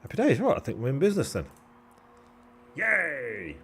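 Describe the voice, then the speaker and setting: A man's voice: mid-range voice, wildly swooping pitch, normal speed, creaky, fairly bright tone, a little hiss or hum. A young man commentating a sim race on a live stream, chatty and jokey, with casual swearing and thanks to subscribers.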